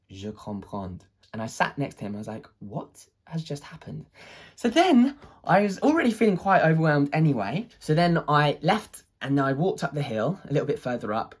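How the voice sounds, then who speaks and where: Husky-voiced storyteller, hesitant and animated. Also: mid-range voice. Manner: hesitant, many restarts and fillers; excited, animated retelling. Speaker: artist. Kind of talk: personal storytelling to camera.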